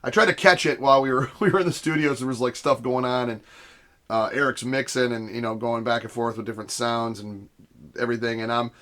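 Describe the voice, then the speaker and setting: A man's voice: mid-range voice, bright, forceful tone. A man hosting his gaming vlog, rambling casually from his home setup, interrupting himself and laughing often. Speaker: gaming channel host. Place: home basement studio room. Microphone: desk camera setup.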